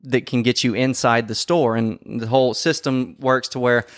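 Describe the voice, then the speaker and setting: A man telling a story in casual podcast chat, swearing often and acting out quoted lines loudly. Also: mid-range voice, normal speed, no echo, studio quality. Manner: profane, animated, acts out quotes loudly. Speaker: podcast co-host.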